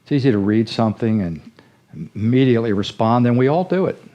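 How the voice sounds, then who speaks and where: A man's voice: mid-range voice, lively intonation, quick pace, dark tone, lo-fi sound. A middle-aged man leading a ministry, telling a story in a folksy, earnest sermon-like way. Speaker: ministry leader. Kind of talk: storytelling sermon-style talk.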